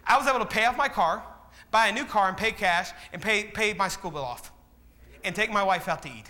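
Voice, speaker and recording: A man's voice: high-pitched, lively intonation, brisk, sharp tone, a little hiss or hum. A man preaching a sermon, asking the congregation questions and acting out the people in his stories. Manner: preaching with call-and-response questions; acts out quoted voices. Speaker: pastor. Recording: long hall reverb.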